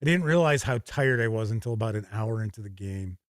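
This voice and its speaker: A man's voice: fairly low pitch, lively intonation, a little fast, no echo, clean studio sound. Casual man hosting a live chat show. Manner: chatty, reads out chat comments and responds off the cuff. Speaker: host reading viewer chat.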